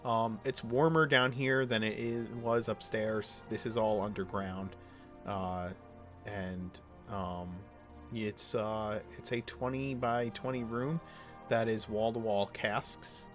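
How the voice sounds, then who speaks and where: A man running a tabletop game as dungeon master, describing scenes casually and halting on lots of fillers. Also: lowish voice, fairly even intonation, a bit bright, faint music behind.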